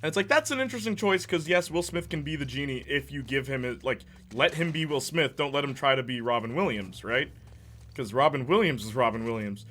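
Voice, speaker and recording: A man's voice: medium pitch, lively intonation, fairly quick, bright, forceful tone. A young man riffing and laughing as a gaming streamer in casual live-stream talk. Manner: jokey, riffing, laughing often.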